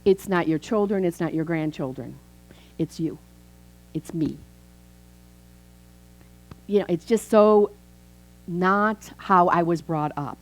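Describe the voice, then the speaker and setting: A woman in her fifties, a minister, preaching a chatty, animated sermon in a church. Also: fairly low pitch, poor audio. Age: 50s. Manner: animated, chatty, acts out quoted voices. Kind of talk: conversational sermon.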